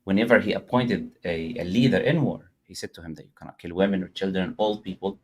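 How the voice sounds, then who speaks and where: A man in a played clip explaining religious teachings, citing scripture in a measured way with a few hesitant fillers. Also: sits low, darkish tone, husky. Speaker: guest in a played debate clip.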